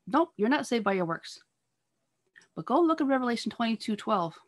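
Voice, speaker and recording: A woman giving an earnest sermon over a video call, pressing her listeners with repeated rhetorical questions and halting now and then on fillers and restarts. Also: a little high. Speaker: speaker at a church talk on marriage.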